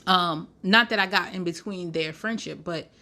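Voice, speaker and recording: A young woman hosting a podcast, telling a story in a sassy, animated way with lots of slang and laughter. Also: on the low side, normal speed. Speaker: podcast host. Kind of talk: casual storytelling.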